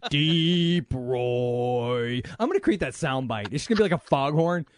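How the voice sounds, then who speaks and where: A man's voice: a little high, big pitch swings, fast talker, darkish tone. A man with a Southern US accent co-hosting a podcast in casual chat, joking, laughing often and rambling. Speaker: podcast co-host.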